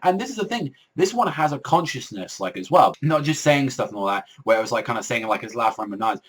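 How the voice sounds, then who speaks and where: A man's voice: medium pitch, sing-song, quick pace, fairly bright tone, breathy edge. A young man casually reviewing a manga chapter, rambling with heavy swearing and constant filler words.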